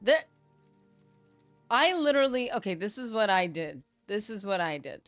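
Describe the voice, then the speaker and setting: A very animated woman, her mid-range voice a bit bright, talks at normal speed over faint background music. As a game streamer chatting casually mid-play, she rambles, makes fun of herself, and often trails off before starting over.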